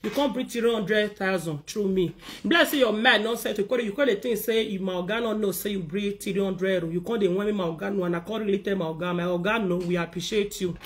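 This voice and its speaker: A woman with a Nigerian Pidgin accent, delivering an animated, scolding rant to the camera as a vlogger. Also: medium pitch, quick pace, few pauses. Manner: scolding, animated, acts out others' words. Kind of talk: ranting monologue to camera.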